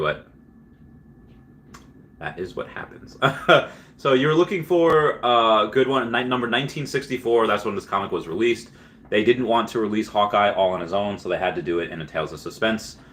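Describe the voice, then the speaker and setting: Guy on a livestream just chatting and rambling, lots of uhs and likes, lowish voice but bright and punchy. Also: a little hiss or hum. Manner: rambling, filler-heavy storytelling. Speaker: livestream host. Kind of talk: casual livestream chat.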